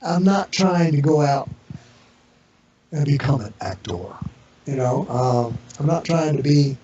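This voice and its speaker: As an interview guest, a man with a fairly high pitch and dark tone takes his time, unhurried, telling rambling casual anecdotes full of fillers and restarts and acting out the voices of people in them. The internet radio audio is echoey, distant and muffled, with crowd noise.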